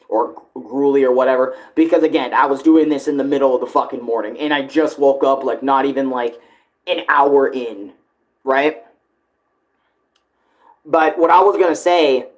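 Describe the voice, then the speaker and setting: A man chatting loosely about his own song cover, swearing and restarting sentences often. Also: mid-range voice. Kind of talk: casual rambling commentary.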